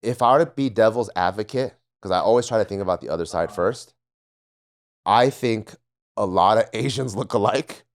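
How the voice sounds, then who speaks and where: A man with a lowish voice talks at a normal pace. On a podcast panel, this former Marine tells foul-mouthed stories from military training in a casual way, laughing a lot and mimicking his drill instructors.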